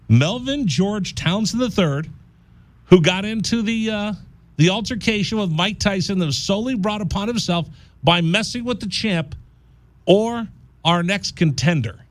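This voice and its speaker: A man's voice: high voice, dry recording. A man hosting a college radio talk show, telling a story with jokes and slipping into mock voices. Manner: animated, jokey storyteller who slips into mock voices. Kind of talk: casual radio banter and storytelling.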